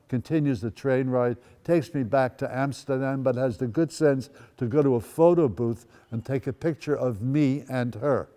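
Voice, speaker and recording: A man's voice: medium pitch, normal speed, few pauses, dark tone, big-room sound. A man in his eighties, originally from the Netherlands, gives a personal storytelling talk as a guest speaker with wry, dry asides. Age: 80s. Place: school event space.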